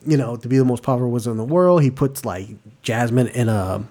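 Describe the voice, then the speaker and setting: A man co-hosting a movie podcast, chatting loosely and swearing freely. He sits at a middle pitch and keeps it lively, acting out scenes in goofy voices as he goes. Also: fast. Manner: animated, swearing, acts out movie lines in silly voices. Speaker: podcast co-host. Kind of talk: casual chat.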